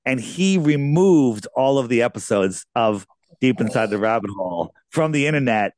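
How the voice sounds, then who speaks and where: A man's voice: mid-range voice, animated, normal speed, darkish tone, dry recording, clean studio sound. A man being interviewed as a guest, telling casual, rambling anecdotes with lots of restarts.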